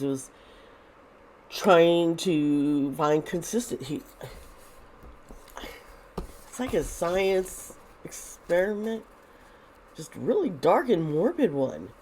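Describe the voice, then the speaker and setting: This tarot reader and video host speaks in a lowish, mellow voice, with a little hiss or hum on the recording. Her casual reading is thought out loud with frequent restarts, and she sounds a bit nervous and uneasy.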